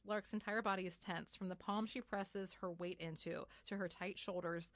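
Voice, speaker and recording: A woman's voice: lowish voice, fairly even intonation, moderate pace, few pauses, fairly bright tone, no room sound, clean studio sound. A woman co-hosting a podcast, retelling a book in casual chat with lots of "like" and frequent swearing. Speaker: podcast co-host.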